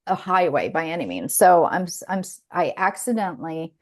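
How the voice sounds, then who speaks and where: A woman's voice: on the low side, sing-song, normal speed, a little mellow. A woman co-hosting a podcast, telling a story in casual chat, laughing often and restarting her sentences. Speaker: podcast co-host.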